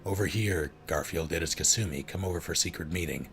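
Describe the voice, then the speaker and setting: A man's voice: deep voice, brisk, over music. A man voicing a young female thief who pleads urgently in clipped, broken phrases.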